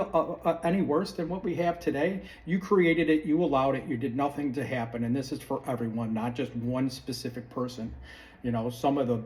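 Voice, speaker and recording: A man's voice: mid-range voice, a little mellow. Heated, sarcastic New man ranting. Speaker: podcast host. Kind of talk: opinion monologue. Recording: distant mic with faint room ambience.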